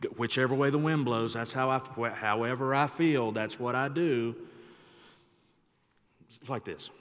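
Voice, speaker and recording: Emphatic pastor preaching in a reverberant hall. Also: male voice, mid-range voice, normal speed. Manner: emphatic, varies loudness for effect. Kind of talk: sermon. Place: church sanctuary. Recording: long church hall reverb.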